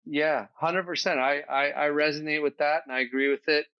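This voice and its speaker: A man's voice: fairly high pitch, fairly even intonation, moderate pace, clean tone, dry recording, lo-fi sound. A man speaking as a podcast guest in a casual, earnest, reflective conversation, thinking aloud with fillers.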